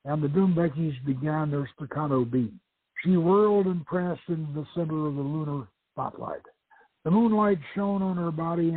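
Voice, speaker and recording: A man hosting a radio show, reading his own novel aloud in measured storytelling narration, over a tinny phone-like radio line. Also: fairly high pitch, breathy edge, no echo.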